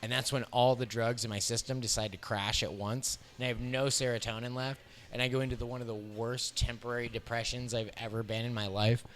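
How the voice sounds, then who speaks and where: A man in his thirties with an American accent, a comedian telling a profane road story in an animated way, laughing often as he talks. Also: mid-range voice, brisk, hardly any pauses, a little hiss or hum. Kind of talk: storytelling interview. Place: bar.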